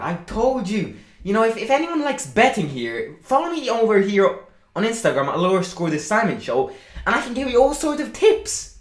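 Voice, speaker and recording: A man hosting a live football watchalong stream, reacting excitedly to the match and chatting with his viewers. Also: high voice, roomy sound. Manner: excitable, shouts and boasts at goals, chatty with viewers.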